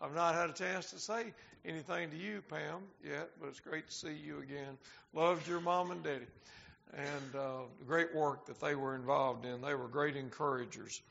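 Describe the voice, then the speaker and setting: Male preacher, bright high voice; drawn-out emphasis on key words; lo-fi sound. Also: fairly even intonation, gravelly, slight background noise. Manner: slows down to stress key words; talks directly to the congregation. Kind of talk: sermon. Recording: dull lo-fi sound.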